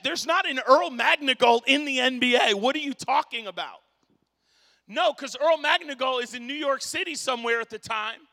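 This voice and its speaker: High, bright-voiced preacher in a reverberant hall. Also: male voice. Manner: impassioned, storytelling, rising to shouts; casual slang like dude and bro. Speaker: pastor. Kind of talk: sermon. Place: church sanctuary.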